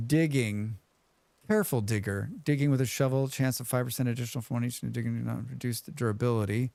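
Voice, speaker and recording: Chatty male streamer, smooth dry voice. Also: medium pitch, a little fast, a little mellow, dry recording. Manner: chatty, hums and thanks viewers. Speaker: livestreamer. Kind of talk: casual livestream chat while gaming.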